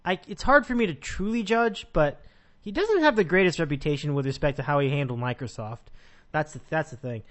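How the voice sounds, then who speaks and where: Rambling sports podcast host. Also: male voice, on the high side, lively intonation, brisk, fairly bright tone. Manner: rambling, frequent restarts and laughs. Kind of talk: casual sports podcast chat.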